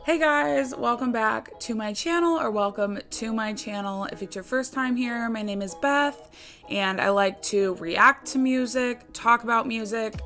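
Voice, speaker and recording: Young woman reacting to a song, bright high-ish voice, gushy and excited, music going in the back. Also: a little slow. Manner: gushing, excitable, trails off. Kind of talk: casual reaction vlog. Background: music playing.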